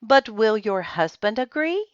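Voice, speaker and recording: A woman's voice: on the high side, very animated, unhurried, no room sound, dull audio, voice pushed up. A woman voicing a prim, proper mother in a storybook reading.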